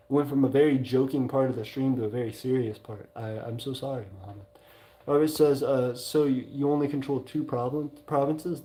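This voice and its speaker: A man with a Southern US drawl reads his livestream chat aloud in a relaxed, mellow voice. He stumbles through it with frequent fillers and mild exclamations, keeping it casual. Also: medium pitch. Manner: hesitant, many "uh" fillers, reacts with mild exclamations. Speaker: livestream host. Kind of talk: casual chat reading viewer messages aloud.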